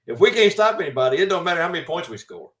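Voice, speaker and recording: A man on a sports podcast panel, talking in a measured way, as if thinking aloud. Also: on the high side, sing-song, fairly bright tone, recorded from a distance. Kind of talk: casual sports chat. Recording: echoey room, away from the mic.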